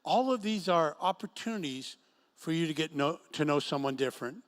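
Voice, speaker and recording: A man's voice: fairly high pitch, animated, a little fast. A middle-aged man preaching a sermon to a singles group in an event room, telling stories and acting out quotes. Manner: storytelling with acted quotes. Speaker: pastor.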